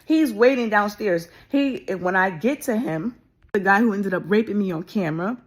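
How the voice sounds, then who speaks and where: A woman telling a personal story in a rapid, intense way, restarting often and swearing. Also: medium pitch. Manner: intense and emotional.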